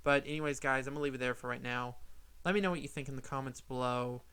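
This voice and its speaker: A man's voice: mid-range voice, steady tone, quick pace, pushed and bright, clean tone. A man hosting a political commentary vlog, ranting with heated indignation.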